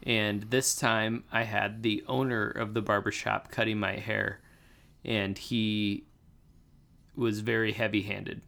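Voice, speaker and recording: A man's voice: fairly low pitch, level tone, slow, creaky, bright, forceful tone. Rambling young man telling a story. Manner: rambling storytelling with many fillers and restarts. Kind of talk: casual chat.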